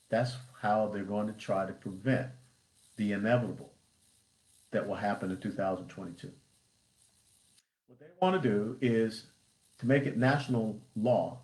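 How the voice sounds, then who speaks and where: A man's voice: lowish voice, a little mellow. A man who is a party chairman, giving emphatic political commentary on a livestream, with punchy lists and rhetorical questions. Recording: roomy echo.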